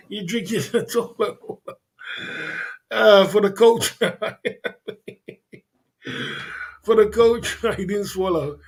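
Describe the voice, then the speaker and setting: A man hosting a casual livestream, rambling and laughing a lot, with plenty of slang. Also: high voice. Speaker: livestream host.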